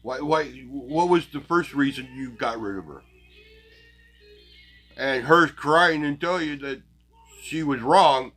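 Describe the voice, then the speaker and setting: A man's voice: mid-range voice, takes it slowly, long pauses, fairly bright tone, faint music behind. A man hosting his own show, ranting bluntly and crassly at his viewers with heavy profanity and scornful laughs. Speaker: channel host. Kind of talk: profane casual rant to viewers.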